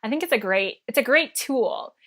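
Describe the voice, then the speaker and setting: A woman's voice: fairly high pitch, expressive, moderate pace, a bit bright. A woman hosting a podcast interview, talking in a chatty, reflective way with many fillers. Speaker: podcast host.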